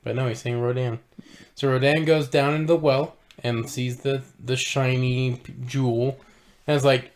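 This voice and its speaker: A man's voice: medium pitch, level tone, normal speed. A man co-hosting a podcast, chatting casually and laughing as he retells a film scene by scene. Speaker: podcast co-host. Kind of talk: casual chat.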